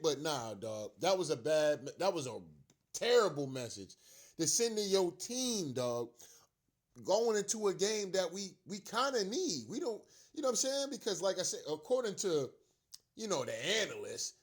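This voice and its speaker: A high-pitched young man, a fan commentator, launches into a heated, profane rant about his team's loss, repeating himself for emphasis.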